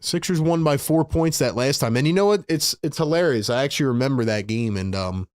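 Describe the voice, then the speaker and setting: A man streaming live fan play-by-play, calling plays and reacting as a frustrated, excitable fan with casual slang. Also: mid-range voice, fairly quick, no room sound, studio quality. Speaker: livestream host doing fan play-by-play.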